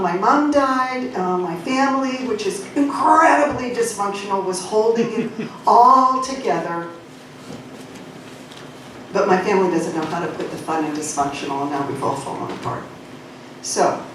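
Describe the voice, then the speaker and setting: A woman's voice: mid-range voice, recorded from a distance, slight background noise. A woman tells a rambling, self-deprecating comic story with plenty of fillers. Her voice comes from across a very echoey club room. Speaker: stage performer. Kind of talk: live comedic storytelling. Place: small club stage.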